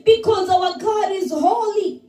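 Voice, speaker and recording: High-voiced woman preaching slowly, echoey. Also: mellow, recorded from a distance. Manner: slow, emphatic preaching with repeated phrases. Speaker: pastor. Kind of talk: sermon.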